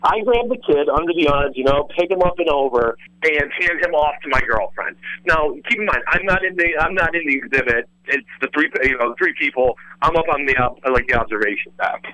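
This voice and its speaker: A man telling a wild story in animated casual chat, rambling with lots of fillers and swearing freely. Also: a little high, fairly quick, hardly any pauses, dry recording, rough recording. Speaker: former radio host telling a story as a guest.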